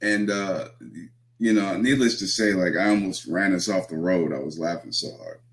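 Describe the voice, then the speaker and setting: A young man with a deep, low voice tells road stories in a loose, laid-back way. He swears freely and laughs as he talks, like a guest chatting on a podcast. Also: normal speed. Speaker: pro wrestler guest. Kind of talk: casual storytelling.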